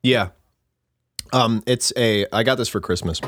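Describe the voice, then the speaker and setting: A man's voice: fairly low pitch, a little slow, fairly bright tone, no room sound. This young man co-hosts a podcast in loose, casual chat. He rambles with plenty of ums and hesitations. The sound is dry and close, with no room behind it. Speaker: podcast co-host.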